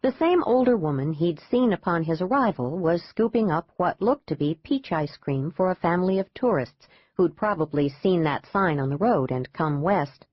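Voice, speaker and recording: A woman narrating a thriller audiobook in an even, measured reading. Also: on the low side, no room sound. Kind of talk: scripted narration. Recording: dull dry lo-fi audiobook.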